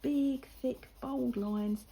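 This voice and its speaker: A woman's voice: high-pitched, drawn-out words, creaky, a little hiss or hum, rough recording. An older woman, chatting casually and telling a story while she colours, acting out the lines of the people in it. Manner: chatty storytelling with lively retold quotes. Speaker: vlogger.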